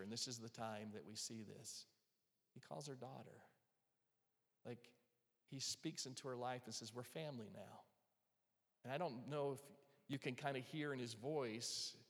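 A man preaching a sermon with earnest delivery, dropping to a hush for quoted words of comfort. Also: mid-range voice, in a large hall. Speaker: pastor. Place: church hall with live and online audience.

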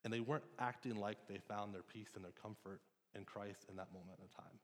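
Speaking a little fast in a lowish voice with fairly even intonation, a thirty-something pastor gives his sermon in a church sanctuary. He sounds conversational and earnest, restarting often and saying um, with the hall's long reverb audible.

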